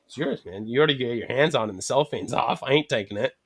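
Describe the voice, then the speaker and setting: A man's voice: medium pitch, animated, very fast, vocal fry, husky. A man telling rambling, profane anecdotes in casual chat, acting out both sides of each conversation.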